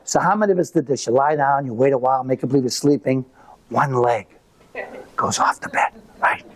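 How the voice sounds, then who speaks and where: A middle-aged man performing live stand-up comedy, telling animated stories and acting out voices. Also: mid-range voice, brisk. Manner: animated storytelling with acted-out voices. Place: live venue with an audience.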